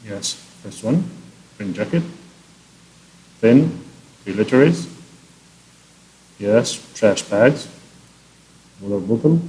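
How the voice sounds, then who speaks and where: A man's voice: lowish voice, warm tone, rough recording. A man teaching a class, walking through answers one by one with filler words. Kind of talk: classroom instruction.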